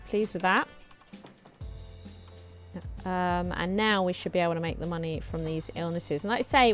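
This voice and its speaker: A woman hosting a let's play, chatting casually and thinking aloud as she builds, her voice slightly hoarse. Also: fairly low pitch. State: slightly hoarse, clearing throat. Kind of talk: casual gameplay commentary.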